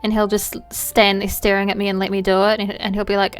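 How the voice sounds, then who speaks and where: A woman streamer chatting casually while playing a game, animated and playful, with quick asides and some swearing. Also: mid-range voice, clean tone, soft background music.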